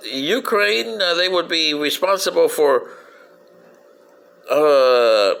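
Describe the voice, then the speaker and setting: A man with a high, sharply bright voice rambles through a comic history talk. His pitch leaps all over the place as he argues with himself and lets out whoops. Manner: rambling, talks back to himself, whoops "yoo-hoo". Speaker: commentator. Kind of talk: rambling comedic history monologue.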